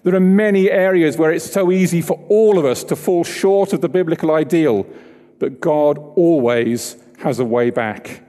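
Male preacher, mellow tone, conversational and engaging, long church echo. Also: a little high, moderate pace. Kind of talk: sermon.

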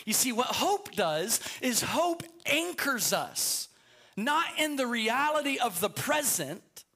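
A man's voice: very high voice, bright, forceful tone. A man preaching a sermon as pastor in a church sanctuary, telling stories with stammering restarts.

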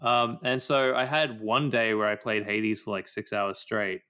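A man's voice: on the low side, level tone, unhurried, sharp tone, clear, resonant tone. A man ranting about a video game in casual chat, swearing often. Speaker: podcast co-host.

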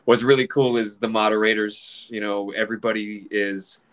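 A man's voice: on the low side, flat delivery, moderate pace, fairly bright tone. A middle-aged man and comedian chatting casually, rambling with profanity, laughing often and acting out quoted exchanges. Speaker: comedian, group admin. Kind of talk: casual podcast chat.

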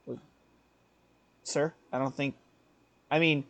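A man's voice: on the high side, fairly even intonation, slow pace, creaky, fairly bright tone, dull audio. A young man in his twenties telling a story on a casual podcast, rambling with fillers and self-corrections and laughing often. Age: 20s. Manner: laughs often while talking. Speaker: podcast co-host.

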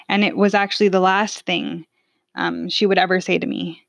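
A woman's voice: lowish voice, fairly even intonation, moderate pace, creaky, fairly bright tone, no echo, lo-fi sound. A woman in her twenties telling a personal family story in a casual, chatty way, full of fillers. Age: 20s.

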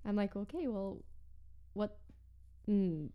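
A woman's voice: mid-range voice, expressive, takes it slowly, smooth, muffled recording. Chatty woman acting out her stories. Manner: chatty storyteller, acts out quotes. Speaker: podcast co-host. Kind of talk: casual chat.

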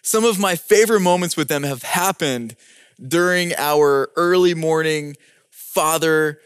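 A man giving a prepared talk, telling an animated story and posing rhetorical questions. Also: on the high side, measured pace, smooth, dry recording, clean studio sound. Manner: animated storyteller acting out scenes.

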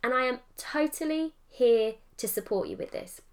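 A woman talks through her podcast alone in an easy, chatty way. Her voice sits a little high, and she slips into animated quoted voices while fixing her own words as she goes. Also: moderate pace, clean tone. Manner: chatty, self-correcting, animated quoted asides. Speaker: podcast host and mindset coach. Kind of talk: solo podcast monologue.

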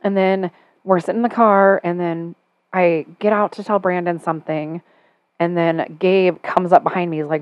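A middle-aged woman hosting a casual podcast chat, telling a story with animated, sarcastic energy and getting louder as she goes. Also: on the low side, moderate pace, dry recording, muffled recording. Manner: animated storytelling, sarcastic when quoting herself.

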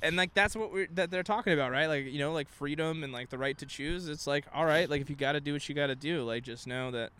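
Rambling man, slightly higher voice. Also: fast, hardly any pauses, fairly bright tone, smooth. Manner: rambling, filler-heavy, says "like" and "you know" constantly. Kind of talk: casual chat.

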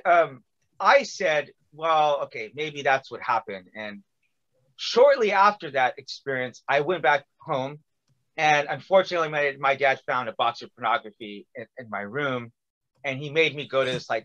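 A man's voice: a little high, highs cut off. A man telling a long personal story in casual conversation, acting out quotes with lots of fillers. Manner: animated, acts out quotes with many fillers.

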